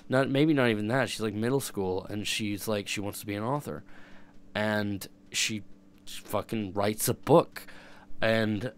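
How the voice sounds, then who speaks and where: A man's voice: on the low side, unhurried, clear, resonant tone. A young man streaming and chatting casually, rambling and swearing, often breaking off and restarting his sentences. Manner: rambling, profane, self-interrupting. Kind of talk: casual chat.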